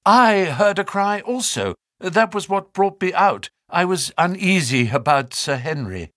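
A man voicing a jaunty, nervous male naturalist with fluttering, high-pitched exclamations in an audiobook reading. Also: expressive, a little slow, fairly bright tone, no echo, clean studio sound. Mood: anxious.

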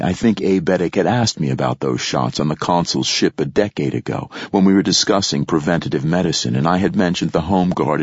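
Deep husky male audiobook narrator. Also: no room sound, lo-fi sound. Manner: measured, reflective storytelling. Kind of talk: scripted narration.

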